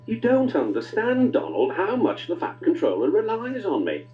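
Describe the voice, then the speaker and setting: A man's voice: sits high, huge pitch swings, moderate pace, muffled recording, slight background noise, pitched above the performer's own voice. A man voicing a proud, earnest male tank engine who speaks with feeling. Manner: earnest and a bit indignant.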